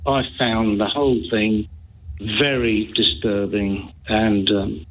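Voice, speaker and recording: A man's voice: fairly low pitch, slow pace. A man calling in to a radio show, speaking in a hesitant, rambling way over a phone line. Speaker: caller. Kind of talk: phone-in call.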